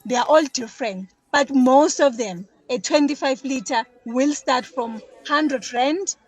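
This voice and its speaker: A woman's voice: sits high, unhurried, poor audio. A South African woman explaining detergent making as a podcast guest, chatty, often repeating words. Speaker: business guest, detergent maker. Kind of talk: casual podcast interview.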